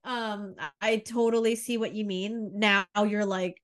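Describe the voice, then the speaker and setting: A woman's voice: medium pitch, fairly even intonation, a little slow, few pauses. A woman co-hosting a podcast in casual chat, rambling through analogies and laughing often. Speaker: podcast co-host.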